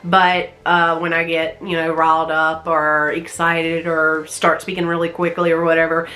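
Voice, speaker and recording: A woman's voice: sits low, normal speed. A woman from the American South with a light Southern accent, chatting casually through a movie review and laughing often. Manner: chatty, animated, laughs often between remarks.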